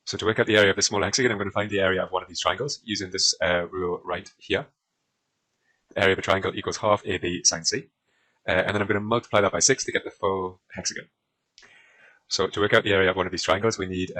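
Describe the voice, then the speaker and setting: British guy doing a maths walkthrough, quick, lots of uhs, voice-over while he draws. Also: low voice, sharp tone, rough recording. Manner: talks while drawing, with frequent fillers. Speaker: maths tutor. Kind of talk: exam walkthrough lesson.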